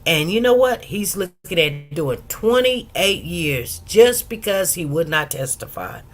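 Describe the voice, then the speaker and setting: A woman's voice: on the low side, unhurried, soft background music. A woman hosting a commentary channel, talking loosely and directly to viewers and stopping often to act out what people said. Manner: animated storyteller who acts out quotes in different voices; loose, conversational, with many restarts and asides to viewers. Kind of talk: casual commentary on a court case.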